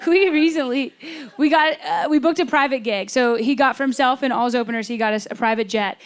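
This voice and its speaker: A woman from Kentucky performing a stand-up comedy set on a theater stage, telling stories in an animated, self-deprecating way. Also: high-pitched, normal speed, a faint crowd. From Louisville, Kentucky. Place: theater stage before a laughing audience.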